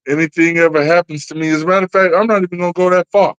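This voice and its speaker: A man's voice: on the high side, steady tone, rapid-fire, hardly any pauses, fairly bright tone, clear, resonant tone, no echo, dull audio. A man co-hosting a casual movie-discussion podcast, going off on playful, mock-serious rants. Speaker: podcast co-host.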